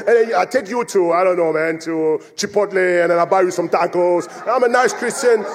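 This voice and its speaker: High-voiced male preacher in a reverberant hall. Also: brisk, hardly any pauses. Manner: animated storytelling, acting out quoted voices with laughter. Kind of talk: sermon. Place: church in Phoenix.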